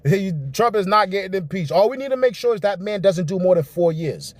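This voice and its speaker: Young guy ranting live on stream, high voice, dry close sound, chats back with viewers. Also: fairly quick, no echo. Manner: animated, rambling, reacts to chat. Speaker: livestream host. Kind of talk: casual political livestream commentary.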